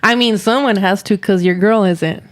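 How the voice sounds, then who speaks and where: Woman, podcast co-host, casual chat, teasing, giggly, deadpan. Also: mid-range voice, normal speed.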